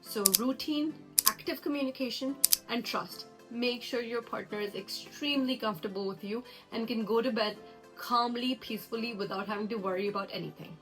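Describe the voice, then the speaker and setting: A woman's voice: fairly high pitch, a little fast, low-quality recording. A young woman, a relationship coach, giving chatty, earnest and upbeat advice in a casual vlog, laughing easily. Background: background music.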